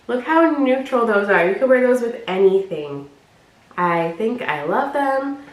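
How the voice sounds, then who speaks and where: A woman chatting casually as she unboxes and reviews clothes, often dropping low and quiet on her asides. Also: lively intonation, unhurried. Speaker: vlogger. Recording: echoey room with faint noise.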